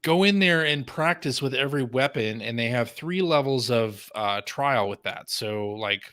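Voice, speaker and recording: A man chatting casually on a gaming podcast in a bright, forceful voice, easygoing and quick to poke fun at himself. The sound is close and dry, with no room around it. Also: mid-range voice, lively intonation, no room sound. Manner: self-deprecating, easygoing. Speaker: podcast host. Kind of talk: casual chat.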